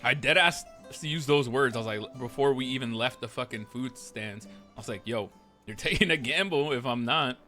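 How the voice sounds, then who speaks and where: A man with a bright, forceful voice recounts events from a roleplay game in a loose, in-character way. He swears freely and acts out everyone's lines. Faint music plays underneath. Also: mid-range voice, moderate pace. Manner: rambling, profane, acts out quotes. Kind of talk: casual in-character storytelling.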